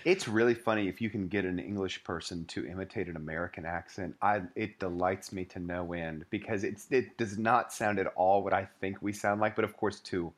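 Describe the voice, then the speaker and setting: A man co-hosting a casual book-discussion podcast, playful and quick to chuckle. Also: deep voice, steady tone, a little hiss or hum. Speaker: podcast co-host.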